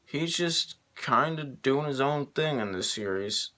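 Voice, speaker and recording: Slow, bright-toned man reviewing a show. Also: mid-range voice, expressive. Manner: halting, many ums and restarts. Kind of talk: unscripted video review.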